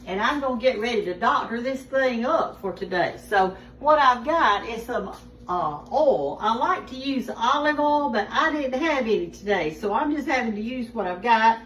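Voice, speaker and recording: Southern woman, home cooking host, folksy and talkative; somewhat high voice, mic set back in a roomy kitchen. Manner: folksy, chatty, talks straight to viewers. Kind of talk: casual cooking demonstration. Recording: roomy, distant mic, faint background noise.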